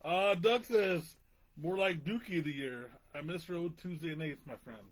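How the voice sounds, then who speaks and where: A man's voice: on the high side, moderate pace. A man co-hosting a podcast, reading out chat comments with playful, chuckling banter. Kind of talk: casual chat.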